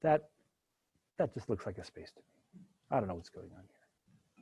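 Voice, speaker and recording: A man's voice: fairly high pitch, fairly quick, pauses often, husky, highs cut off. A man teaching a live spreadsheet coding lecture to his students, talking through each step with jokey asides. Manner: animated, jokey asides while working through code. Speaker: university instructor.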